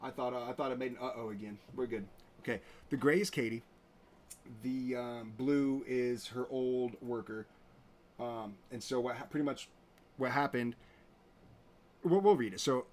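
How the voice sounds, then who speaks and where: A man's voice: mid-range voice, fairly even intonation, a little slow. A man hosting his own show, talking in a rambling, indignant way with many restarts. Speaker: show host. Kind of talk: casual commentary.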